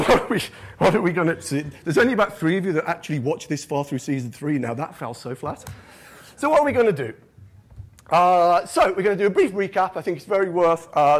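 A British man from the United Kingdom giving a jokey, self-mocking conference keynote, often tagging lines with "right?". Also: a little high.

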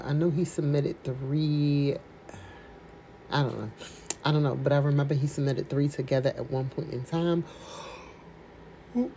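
Woman, low mellow voice, chatty read-aloud, quick side comments. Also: slight background noise, low-quality recording. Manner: chatty, reads slowly then adds quick asides. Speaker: vlogger reading court documents.

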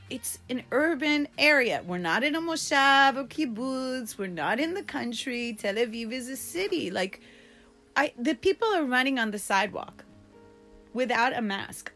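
A young woman hosting a casual livestream from home, chatting to viewers in a rambling, expressive way with lots of fillers. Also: on the high side. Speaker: livestream host. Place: at home, indoors.

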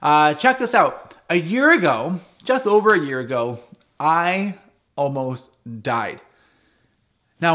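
A man giving a lively, humorous personal story as a guest speaker addressing young campers. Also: a little high, unhurried. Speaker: guest speaker at a youth camp.

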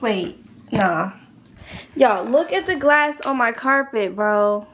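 A woman's voice: on the high side, animated, slow pace, fairly bright tone. A young woman in a casual home prank vlog, giggly and talking to her viewers from her bedroom. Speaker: vlogger. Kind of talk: casual prank video chat. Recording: echoey room, distant mic, faint noise.

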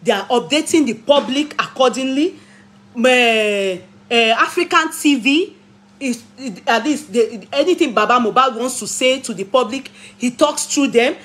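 A woman's voice: a little high, lively intonation, measured pace, a bit bright. A Nigerian woman giving opinionated vlog commentary, arguing, throwing out rhetorical questions and scolding commenters, recorded on a phone. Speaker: vlogger and commentator.

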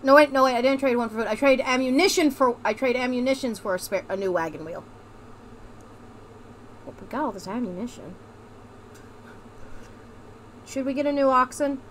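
A young woman plays a game with a partner, her voice high and light. She jokes constantly, laughs a lot and leans into a mock folksy drawl. A faint hiss sits under the recording. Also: brisk. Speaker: gamer playing with a partner. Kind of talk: playful let's-play banter in a put-on accent.

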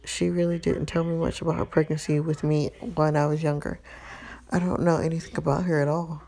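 A woman reads an interactive story game aloud in a steady, low-key way. Her voice is low and gravelly. The tone is dark and mellow. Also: fairly quick. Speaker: gamer reading a story aloud.

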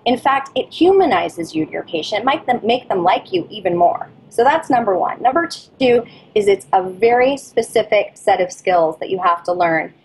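A middle-aged woman, a dental marketing consultant, giving lively, persuasive advice as a podcast guest and acting out little dialogues. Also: mid-range voice, moderate pace, slight background noise, rough recording. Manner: lively and persuasive, acts out patient and dentist dialogue. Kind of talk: energetic interview talk, coaching advice.

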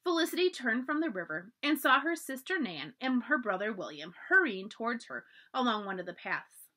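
A woman librarian reading a children's chapter book aloud, expressive and storyteller-like. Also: on the high side, moderate pace. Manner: expressive storyteller, lively voices for dialogue.

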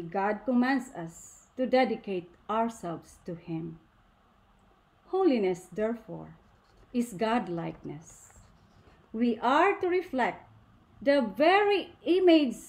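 A woman delivers a faith talk to a women's gathering, taking her time and leaning hard on each point. Her fairly high voice swings up and down as she stresses words and poses rhetorical questions. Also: sing-song, a little mellow. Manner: deliberate, emphatic, asks rhetorical questions. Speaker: speaker at a women's ministry gathering.

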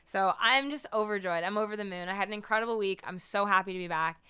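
A woman musician is livestreaming, chatting with her viewers in a bubbly, laughing way, talking straight to chat. Her voice is medium in pitch, fast, sharp and clean, though she sounds a little tired and not at full vocal strength.

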